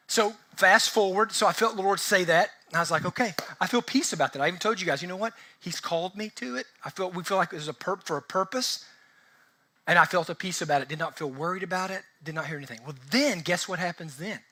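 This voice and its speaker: A male pastor preaching in a church, his voice pitched high and bright. He keeps it conversational, slipping into quick acted-out exchanges and tossing questions to the congregation. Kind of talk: sermon. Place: church sanctuary.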